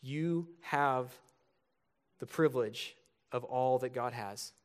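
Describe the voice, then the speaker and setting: A man's voice: medium pitch, slow pace, clear, resonant tone. A man in his thirties preaching a sermon as pastor, earnest and building to emphatic points.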